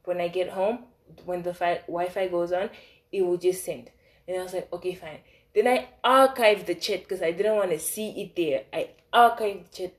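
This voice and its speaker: A young woman telling a casual storytime about her crushes, animated, swinging between loud outbursts and soft asides. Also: lowish voice, normal speed. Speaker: vlogger.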